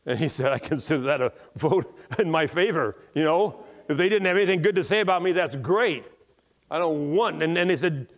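A male pastor preaching a sermon, emphatic when quoting scripture and dropping quiet to reflect, often checking in with "okay?" and restarting words. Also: fairly high pitch, animated, fairly quick. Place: church sanctuary. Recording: long echoing reverb of a church hall.

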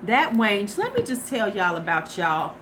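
A woman's voice: medium pitch, wildly swooping pitch, a little slow, fairly bright tone, low-quality recording. A middle-aged woman chatting casually and profanely to viewers on a beauty livestream from her porch. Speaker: beauty vlogger. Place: home porch. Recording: faint ambient noise.

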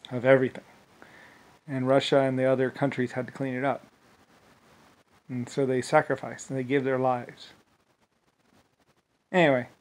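A man's voice: medium pitch, poor audio. A man talking in a rambling monologue, restarting phrases often and breaking into laughter.

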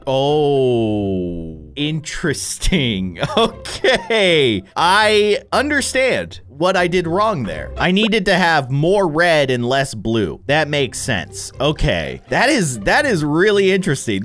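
Young male gaming host, lively jumpy pitch, playful and jokey. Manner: playful, animated, mock-dramatic. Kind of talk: casual gameplay commentary.

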